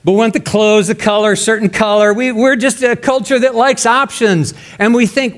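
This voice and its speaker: A male pastor preaching a sermon emphatically, his voice rising loud and dropping to a hush. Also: very high-pitched, fairly quick, hardly any pauses. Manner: emphatic, swinging between loud and hushed.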